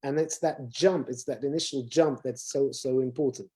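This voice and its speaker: A man's voice: mid-range voice, normal speed, dark tone, breathy edge. A man, a rabbi, explaining ideas earnestly in a casual conversation.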